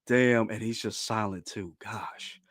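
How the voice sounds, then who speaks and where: A man reacting to a comic chapter on stream, excited and slangy, often bursting into disbelief. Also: lowish voice, very slow. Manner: animated, slangy, keeps shouting and laughing in disbelief.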